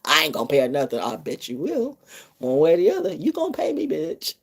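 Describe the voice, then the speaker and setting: Brash woman with a lively low voice. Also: fast talker, husky. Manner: profane, brash, streetwise rambling. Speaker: vlogger and storyteller. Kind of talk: rambling freestyle livestream talk.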